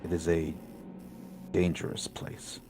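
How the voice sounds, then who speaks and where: A man's voice: sits low, completely flat delivery, slow pace. A man voicing an awkward, earnest young woman warrior who speaks in a formal, stilted way. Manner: formal, stilted and plain-spoken.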